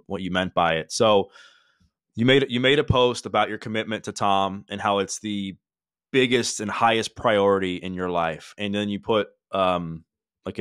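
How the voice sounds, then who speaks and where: Deep-voiced man hosting a podcast. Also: fairly bright tone, smooth, no room sound, clean studio sound. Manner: measured, thoughtful questioning. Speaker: podcast host. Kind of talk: interview questions.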